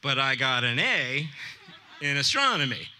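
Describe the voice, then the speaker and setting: A man tells a personal story to a live crowd, earnest and chatty, his voice very bright and forward. A faint hum of the room sits underneath. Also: mid-range voice, very animated, a little slow. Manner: earnest, conversational, with quoted dialogue.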